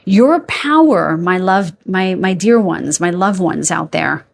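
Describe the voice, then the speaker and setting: A woman's voice: on the low side, lively intonation, takes it slowly, vocal fry, slight background noise. Chatty woman giving a tarot reading. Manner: chatty, warm asides to viewers, frequent "okay?" and "you guys"; yawns and laughs while talking. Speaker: tarot reader. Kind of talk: casual spiritual tarot reading.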